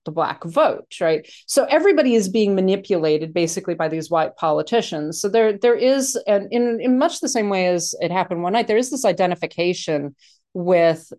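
A woman's voice: lowish voice, expressive, normal speed, warm tone. A woman in a casual film discussion, talking animatedly with many restarts and fillers.

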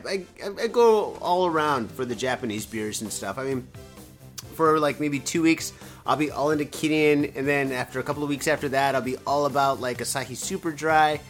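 A man hosting a casual solo podcast from home, rambling and swearing as he drinks, a bit tipsy. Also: a little high. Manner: profane, rambling, animated. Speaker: podcast host. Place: home in Japan, indoors.

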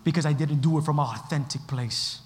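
A young adult man preaching a sermon, moving between hushed storytelling and shouted lines. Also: on the high side, brisk, in a large hall. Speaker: pastor.

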